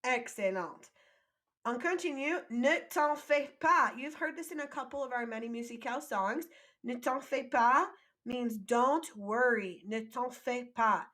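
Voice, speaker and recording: A woman teaching a French vocabulary lesson, saying each phrase slowly for learners to repeat, then explaining it quickly in English and praising them. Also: fairly high pitch, a bit bright. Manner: encouraging, prompts repetition.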